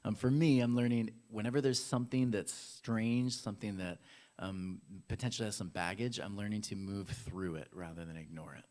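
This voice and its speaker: A man's voice: on the low side, normal speed, a little mellow. A man preaching a casual, playful sermon in a church, talking straight to the congregation. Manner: playful, chatty, addresses the congregation directly. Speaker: pastor. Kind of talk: casual sermon with audience games. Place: church hall.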